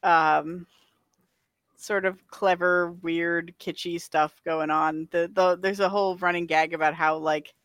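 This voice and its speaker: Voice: medium pitch, little pitch movement, measured pace, fairly bright tone, clean tone, no echo, studio quality. A podcast co-host in casual chat, rambling with many filler words and frequent laughs. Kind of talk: casual chat about a video game.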